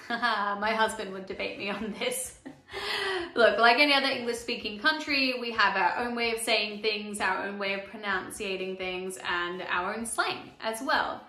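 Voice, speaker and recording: A woman's voice: mid-range voice, pushed and bright, roomy sound. A young Australian woman vlogging in a casual, chatty way, laughing often and saying "like" a lot. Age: young adult. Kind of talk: casual chat to camera.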